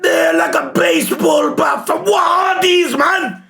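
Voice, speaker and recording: A man reacting live to a manga chapter, emotional and shouting, swearing often. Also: very high-pitched, a little slow, vocal fry. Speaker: reaction streamer.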